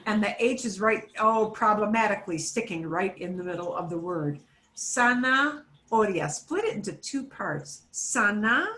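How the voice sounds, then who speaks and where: A woman's voice: mid-range voice, lively intonation, normal speed, few pauses, a bit bright, roomy sound. A woman teaching an online Spanish class for beginners, patiently modelling words for students to repeat.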